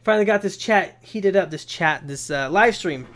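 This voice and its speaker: A young man hosting a casual live Q&A stream, talking in an energetic, rambling way with casual swearing. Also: high voice, normal speed.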